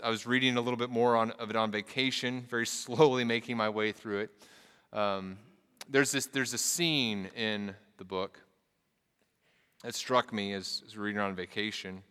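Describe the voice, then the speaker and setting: A man delivers a sermon with a bright, resonant voice that rings clear. He reads scripture with earnest weight, then slips into casual asides. The sound carries a long reverb, as in a large church sanctuary. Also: medium pitch. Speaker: pastor.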